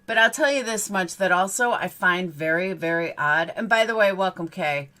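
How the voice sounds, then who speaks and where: A woman's voice: lowish voice, animated, normal speed, sharp tone. A middle-aged woman hosting a live stream, talking casually and emotionally, repeating herself and greeting viewers by name. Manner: emotional, repetitive storytelling, chats with viewers. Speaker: livestream host.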